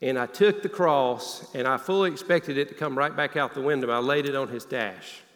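A man preaching a sermon, telling a personal story in an earnest voice that often drops low and quiet. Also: moderate pace. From Northeast Alabama. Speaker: pastor. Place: church sanctuary. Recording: long hall reverb.

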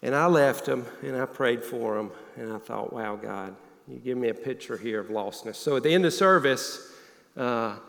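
A man preaching a sermon, telling a personal story in an earnest voice that often drops low and quiet. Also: moderate pace, creaky. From Northeast Alabama. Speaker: pastor. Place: church sanctuary. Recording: long hall reverb.

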